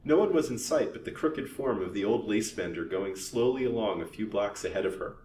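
Low-voiced man reading a story. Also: expressive, fairly quick, a little mellow, reverberant, recorded from a distance, a little hiss or hum, rough recording.

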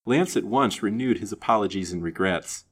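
A man with a low voice reads an old-fashioned novel aloud, steady and measured. He gives the prose an expressive lift as the story builds. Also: breathy edge. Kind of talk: storybook narration.

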